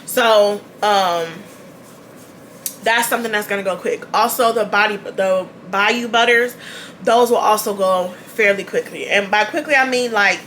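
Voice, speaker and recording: A woman's voice: medium pitch, unhurried, a bit bright, slight background noise. A woman hosting her own channel, chatting casually to the camera, repeating her key points and laughing often. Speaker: beauty channel host.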